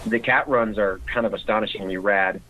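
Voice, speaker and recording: A man's voice: fairly low pitch, fairly even intonation, fairly quick, phone-quality sound, a little hiss or hum. A man speaking as a guest in a casual interview, talking conversationally with frequent restarts.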